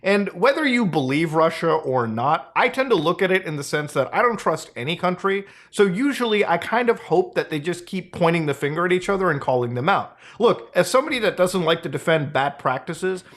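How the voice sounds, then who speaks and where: A male host delivering loose, off-the-cuff commentary with a blunt, sarcastic edge. His voice sits a little high, and he swears freely and jumps upward in pitch to stress a point. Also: animated, fairly quick, few pauses, a bit bright. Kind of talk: casual commentary.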